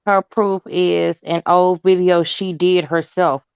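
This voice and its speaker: A woman's voice: lowish voice, fairly even intonation, gravelly, clean tone, no echo. A woman on a livestream panel, gossiping and laughing as she recounts what others said. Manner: gossipy, laughs often, quick bursts. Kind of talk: casual livestream chat. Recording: dull lo-fi stream audio.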